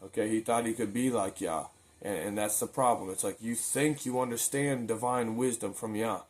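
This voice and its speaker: A religious video maker with a fairly low voice speaks at a moderate pace. His daily faith talk is casual spoken preaching, earnest and loose, with words often repeated as he begins his thoughts again.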